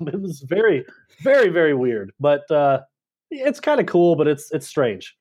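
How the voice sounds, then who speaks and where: A man's voice: high voice, sing-song, a little mellow, slightly rough. Modest man chatting as a podcast guest. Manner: modest, self-deprecating, halting restarts. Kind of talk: casual podcast chat.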